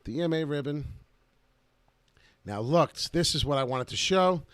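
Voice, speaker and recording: A man hosting a casual live stream about crypto charts, talking in an excitable, rambling way. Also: on the high side, moderate pace, smooth, no room sound.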